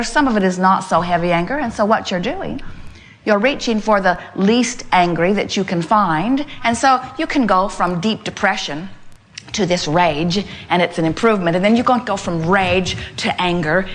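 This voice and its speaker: A woman's voice: medium pitch, fairly bright tone. An older woman giving an emphatic inspirational talk to a live audience, speaking as "we" and building her points through repetition. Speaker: spiritual speaker addressing an audience.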